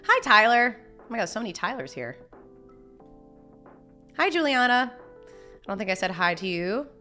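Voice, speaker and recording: Bright-voiced woman chatting on a stream. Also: fairly high pitch, very animated, moderate pace, soft background music. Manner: chatty, laughs often, talks with fillers and restarts. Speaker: streamer reading chat. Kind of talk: casual live-stream chat. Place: home.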